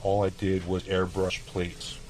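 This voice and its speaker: Deep-voiced chef telling kitchen stories. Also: male voice, monotone, a little slow, darkish tone, slight background noise, rough recording. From El Paso, Texas. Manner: profane, laid-back, acts out dialogue. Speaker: chef, podcast guest. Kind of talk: casual interview storytelling.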